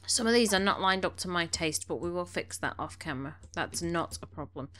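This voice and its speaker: A woman's voice: on the low side, moderate pace, long pauses, a bit bright. A woman giving casual gameplay commentary, chatting along and bossing her game characters around, a little snuffly from allergies. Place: home room.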